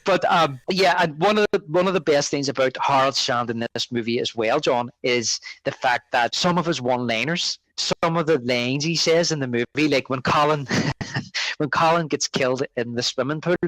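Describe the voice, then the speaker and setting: A man's voice: medium pitch, moderate pace, fairly bright tone, dry recording, poor audio. Rambling man reviewing films. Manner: rambling, many restarts and fillers. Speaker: podcast co-host. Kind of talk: casual film review chat.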